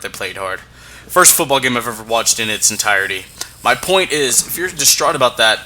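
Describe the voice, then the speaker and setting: Male podcast co-host, very bright, forceful tone; stammers and repeats, playfully hyped. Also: medium pitch. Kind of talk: casual wrestling podcast chat.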